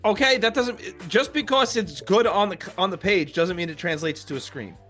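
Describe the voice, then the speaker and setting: High bright-voiced guy, blunt opinions, casual podcast chat. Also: moderate pace, faint music behind. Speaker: podcast co-host.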